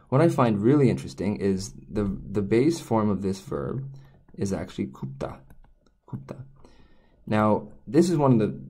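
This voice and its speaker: A man's voice: on the low side, dark tone, breathy edge. A man explaining Korean signs in a casual lesson, rambling and restarting often as he drifts onto tangents. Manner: rambling, self-correcting, frequent restarts and tangents. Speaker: Korean language teacher.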